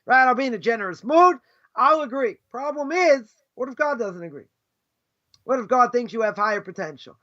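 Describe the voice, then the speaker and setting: Male rabbi lecturing a class; very high, sharp voice, chatty and rhetorical, dull lo-fi stream. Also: expressive, a little fast. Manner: conversational, keeps asking "right?"; acts out imagined speakers mid-lecture. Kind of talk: informal Torah lesson.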